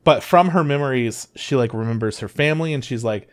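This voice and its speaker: A man's voice: mid-range voice, a little fast, hardly any pauses. A man co-hosting a podcast, casually retelling anime plots with lots of swearing and filler words. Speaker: podcast co-host. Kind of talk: casual chat about anime.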